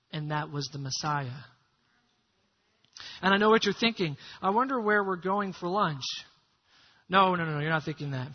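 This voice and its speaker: High-voiced man preaching a lively sermon. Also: slightly rough. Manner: lively teaching, has the congregation repeat words. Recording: muffled lo-fi sermon recording.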